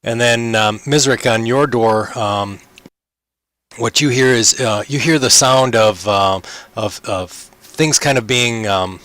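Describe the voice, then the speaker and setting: A man's voice: mid-range voice, slow, a bit bright, dry recording. A man running a tabletop game over voice chat, narrating hesitantly with many ums and restarts. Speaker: game master.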